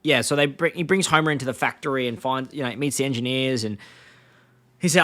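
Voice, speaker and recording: A man's voice: mid-range voice, fast talker, a bit bright, no echo. A man co-hosting a casual podcast chat. He retells scenes and acts out the lines in a raised voice. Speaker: podcast co-host.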